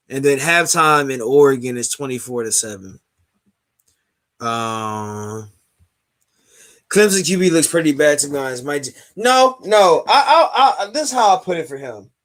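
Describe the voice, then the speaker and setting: Podcast co-host: man, bright and forceful, animated and rambling, casual sports talk. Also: a little high. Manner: animated, rambling, halting restarts.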